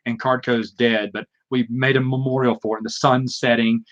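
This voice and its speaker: A man's voice: mid-range voice, level tone, moderate pace, dull audio. A man hosting a live Q&A, chatting casually and rambling with lots of fillers, restarts and self-mocking asides. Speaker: live Q&A host. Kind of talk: casual live stream chat.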